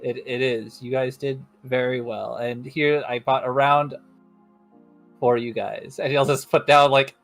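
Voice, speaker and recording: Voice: mid-range voice, fairly even intonation, measured pace, soft background music. A player at a tabletop game describing actions and speaking casually, with some hesitation.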